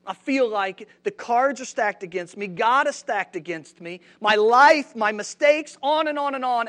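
A man's voice: extremely high pitch, fairly bright tone. A man preaching a sermon in a church, conversational, often asking the congregation questions. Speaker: pastor.

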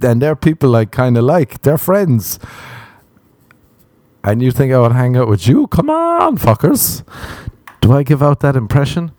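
A young Irish man doing a comic monologue on a podcast, swearing freely and mocking himself in an animated rant. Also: mid-range voice, no echo.

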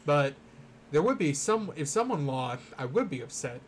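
A man's voice: on the high side, big pitch swings, a little hiss or hum. Playful young man co-hosting. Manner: playful, joking, halting starts. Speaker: podcast co-host. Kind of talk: casual chat.

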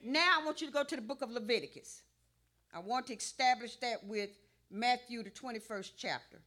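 A woman pastor preaching a sermon, calling for responses and rising to a shout. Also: a little high, a little fast.

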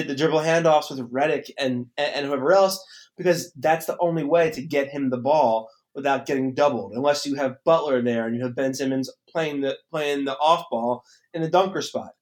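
A man hosting a casual sports podcast, opinionated and sarcastic, rattling off points in quick bursts. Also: fairly high pitch. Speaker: podcast host.

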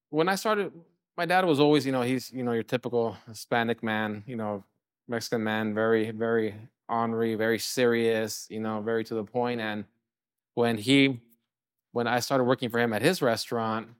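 Chatty chef, dry close sound. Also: male voice, medium pitch, no echo. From California. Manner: rambling, fillers like "you know", acts out quotes. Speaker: chef and restaurant co-owner. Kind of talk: casual storytelling interview.

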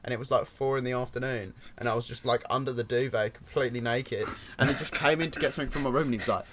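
A man's voice: medium pitch, fast talker, background noise. A young man telling crude stories in a casual podcast chat. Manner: crude, animated storytelling. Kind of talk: casual banter.

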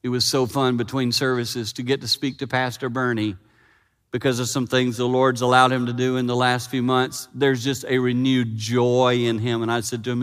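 A man preaching a sermon in a church, animated and emphatic, slowing down for his earnest points. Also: medium pitch, clean tone. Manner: animated, building to loud emphasis, then slow and earnest. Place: church sanctuary. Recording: long reverb in church hall.

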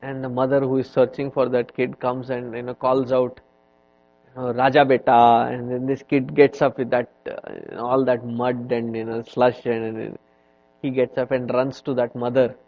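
A man giving a spiritual lecture on scripture, telling stories in an unhurried, conversational way with many "you know" fillers. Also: mid-range voice, level tone. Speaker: swami teaching scripture. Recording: dull lo-fi recording.

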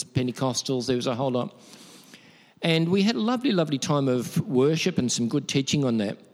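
An Australian man preaching in a church hall, his voice sitting fairly high for a man. He tells personal stories earnestly and doubles words for emphasis. A long reverb trails every phrase. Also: a little mellow. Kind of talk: conversational sermon with personal stories.

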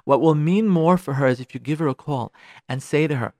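This is a radio advice show whose male host has a fairly high voice and talks a little fast. Lively and preachy, he lectures on marriage and relationships while playing out small scenes. The sound is clean studio quality with no room sound.

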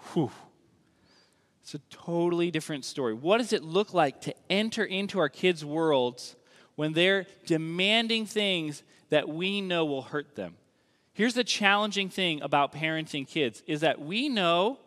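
A man preaching a sermon in a conversational, emphatic way, slowing down to stress key lines. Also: fairly high pitch, fairly bright tone. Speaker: pastor. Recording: long reverb of a large hall.

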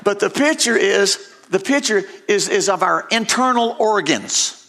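A man's voice: sits high, animated, a little slow, background noise. An older man preaching a sermon, reading scripture aloud and pressing his points by repeating words with rising emphasis. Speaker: pastor.

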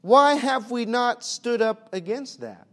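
A male preacher with a high, bright-edged voice drives his sermon with pointed rhetorical questions. He swings between booming emphasis and hushed, intimate lines, and his folksy phrasing keeps it plainspoken. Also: animated, slow pace.

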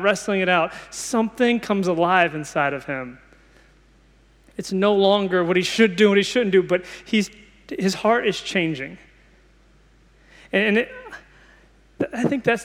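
A man's voice: sits high, big-room sound. A man in his thirties preaching a sermon, earnest and conversational, often restarting his sentences.

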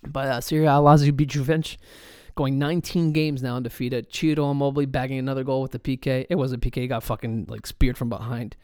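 A man's voice: medium pitch, quick pace, hardly any pauses, smooth, no room sound. Guy ranting about his soccer team, swears a ton, lots of uh and like, dry close mic. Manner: swears a lot, animated fan rant; many fillers and restarts. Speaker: soccer podcast host. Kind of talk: casual solo chat.

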